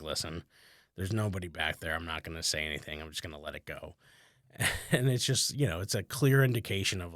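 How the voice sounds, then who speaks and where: A man with a very low voice spins a loose, rambling story in relaxed podcast chat. He fills his sentences with "like", chuckles as he goes, and pokes fun at himself. The sound is close and dry, with no room echo. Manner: rambling, conversational, many "like" fillers, chuckles often. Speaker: comedian and podcast host.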